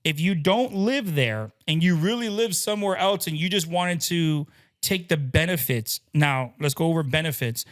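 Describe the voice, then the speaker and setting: A man co-hosting a casual podcast as a loan officer, explaining loan terms in quick lists and acting out the people in his stories. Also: fairly high pitch. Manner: animated, acts out quoted people mid-story.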